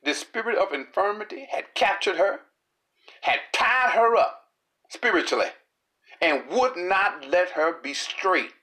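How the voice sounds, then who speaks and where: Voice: mid-range voice, lively intonation, a little slow, pushed and bright. A preacher delivering a sermon in a rhythmic, repetitive style, building with dramatic rises and falls.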